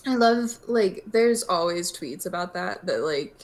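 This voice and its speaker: A woman's voice: lowish voice, measured pace. Giggly Southern woman on a podcast. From American South. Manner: giggly, animated, laughs often. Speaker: podcast co-host. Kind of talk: casual chat.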